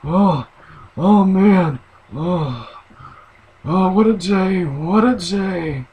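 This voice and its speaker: A man's voice: sits high, narrow, tinny audio, pitched above the performer's own voice. A man doing a sighing old man. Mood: reminiscing. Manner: slow, sighing, drawn out. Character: old man reminiscing about hard times.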